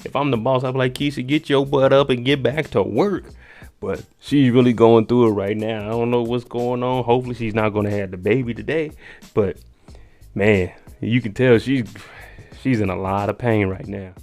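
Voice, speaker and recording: A man's voice: fairly low pitch, fairly even intonation, moderate pace, darkish tone, soft background music. A man giving a casual, joking recap of a TV episode, talking slangy and aside to the viewer. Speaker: TV recap host.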